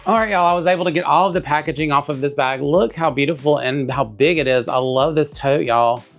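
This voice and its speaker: Chatty gravelly man unboxing. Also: on the high side, fairly quick, soft background music. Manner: chatty, enthusiastic, addresses viewers as y'all. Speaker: bag reviewer. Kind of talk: casual unboxing vlog.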